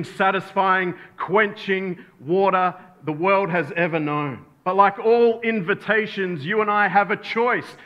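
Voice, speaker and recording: A man's voice: high voice, sharp tone, dull audio. A male pastor preaching a sermon, telling a bedtime story and acting out the voices in it. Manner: storytelling, acts out voices in anecdotes.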